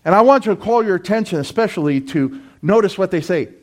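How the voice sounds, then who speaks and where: A man preaching a sermon as pastor, impassioned and emphatic, building to loud repeated cries. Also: sits high, lively intonation, quick pace.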